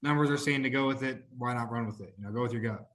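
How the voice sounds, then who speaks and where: A man appearing as a podcast guest, calmly walking through betting statistics in a casual chat. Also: mid-range voice, racing. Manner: steady, walks through stats.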